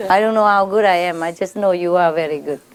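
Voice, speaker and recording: A woman spiritual teacher speaking informally to her followers, laughing often and repeating warm phrases. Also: on the low side, normal speed. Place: gathering with a live audience.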